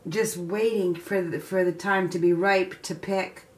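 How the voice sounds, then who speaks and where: A woman giving a casual tarot reading, chatty and excitable, laughing often and filling pauses with ums. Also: fairly low pitch. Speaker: tarot reader.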